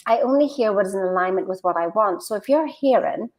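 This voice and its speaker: Woman, co-host, casual motivational chat, storytelling, mid pitch. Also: expressive, quick pace, a little mellow. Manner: chatty, storytelling, frequent restarts.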